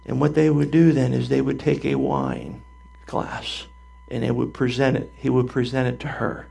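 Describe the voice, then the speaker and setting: Older male pastor, gravelly, animated storytelling sermon. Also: mid-range voice, normal speed. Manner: animated storytelling, acting out voices.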